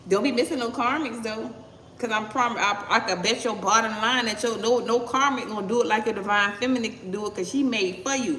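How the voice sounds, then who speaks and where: A tarot reader with a slightly high, sharp voice speaks at a moderate pace during a casual live reading, bluntly and with some swearing, punctuating with "okay?". The audio carries slight background noise and roomy echo, her voice sounding distant from the mic.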